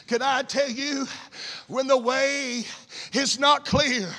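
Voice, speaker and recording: A man preaching a sermon, telling a story and building into fervent shouts. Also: very high voice, slow pace.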